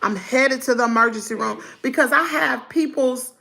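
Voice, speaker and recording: A middle-aged woman, telling her viewers a story in a lively storytime chat. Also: high-pitched, moderate pace, creaky. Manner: animated, talks to viewers as y'all. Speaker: vlogger.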